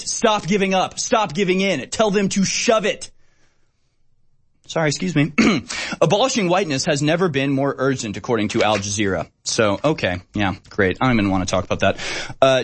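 A man's voice: on the high side, slightly rough. Sarcastic ranting male commentator. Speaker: political commentator. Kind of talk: opinionated commentary.

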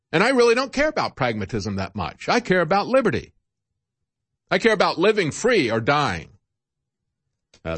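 An older male talk host rants with combative indignation, his pitch swinging widely as he hammers his points. The sound is dry and close, with no room around it. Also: fairly bright tone, no echo. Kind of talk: political talk monologue.

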